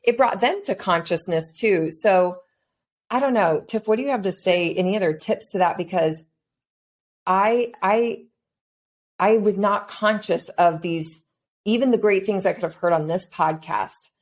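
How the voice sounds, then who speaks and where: A woman's voice: mid-range voice, unhurried. A woman hosting a podcast, reflectively retelling her own past thoughts in casual conversation. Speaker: podcast host.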